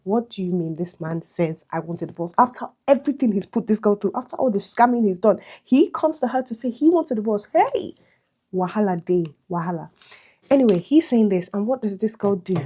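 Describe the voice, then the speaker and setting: A woman's voice: mid-range voice, brisk, husky. Young woman vlogger, gossipy storytime delivery, lots of exclamations, talks while doing her makeup. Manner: animated, exclamatory, slangy commentary. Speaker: beauty vlogger. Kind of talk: chatty storytime retelling.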